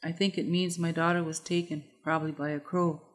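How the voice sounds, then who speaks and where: A woman reading the lines of a grave, determined warrior father in an audiobook, in a low, measured voice. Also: flat delivery, close to an everyday voice. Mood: resolute.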